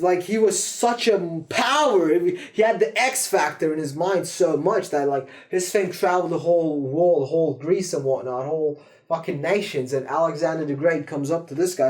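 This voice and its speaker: A man with a fairly high voice talks to camera as a self-improvement host. He swears freely and rambles. He jumps between loud, emphatic bursts and low, quiet asides. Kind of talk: casual monologue to camera.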